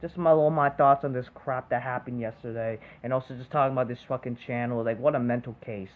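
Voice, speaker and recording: A woman's voice: extremely low pitch, steady tone, fast talker, phone-quality sound. A woman hosting an online commentary video, delivering an angry, profane rant full of fillers, restarts and constant swearing.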